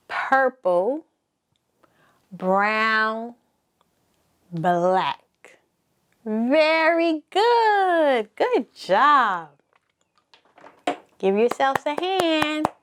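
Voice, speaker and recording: A woman teaching a slow, encouraging lesson for small children, asking them to repeat words after her. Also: on the high side. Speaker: preschool teacher.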